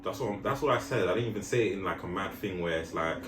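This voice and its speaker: Young man, animated storyteller. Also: low-pitched, quick pace, reverberant, slight background noise. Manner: animated storytelling, London slang, many "do you know what I'm saying" asides. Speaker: podcast co-host. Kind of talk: casual chat.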